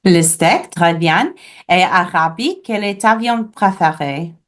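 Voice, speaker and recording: A woman's voice: on the low side, expressive, a little slow. A woman teaching a beginners' French class online, patiently modeling each word for her students. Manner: patient, clear modeling of pronunciation.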